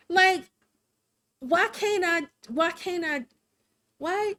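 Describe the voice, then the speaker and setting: A woman's voice: very high voice, animated, very slow, pauses often, a bit bright. A woman streaming live while drawing, chatting casually in a rambling, chatty way with frequent laughs. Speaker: live-streaming digital artist.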